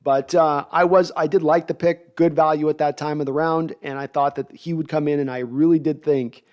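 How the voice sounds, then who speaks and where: Middle-aged guy on a live stream, hyped and rambly, reads chat out loud. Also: fairly high pitch, normal speed, dull audio. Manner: animated, hyped, rambling with restarts. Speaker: host of a live draft stream. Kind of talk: live-stream chat, reading viewer comments.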